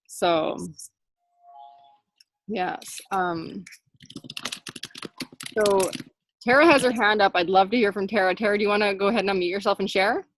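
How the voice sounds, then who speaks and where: A woman's voice: mid-range voice, moderate pace, pauses often, a little hiss or hum. A young woman leading a team video call, chatty and encouraging, saying "like" a lot. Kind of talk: casual team call pep talk.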